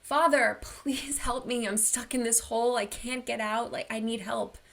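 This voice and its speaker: A woman voicing a desperate man stuck in a hole, pleading loudly for help in a told story. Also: fairly high pitch, steady tone, normal speed, creaky.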